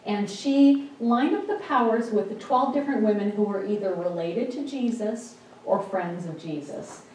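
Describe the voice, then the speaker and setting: A woman minister giving a sermon, retelling scripture stories in a lively, storytelling way. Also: mid-range voice, moderate pace, a little hiss or hum. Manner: storytelling, lively with quoted lines. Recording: echoey hall, speaker far from mic.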